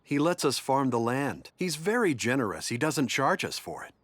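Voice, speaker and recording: An actor voicing a polite but suspicious adult villager in an anime dub. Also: male voice, mid-range voice, very animated, moderate pace, fairly bright tone, no echo. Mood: wary.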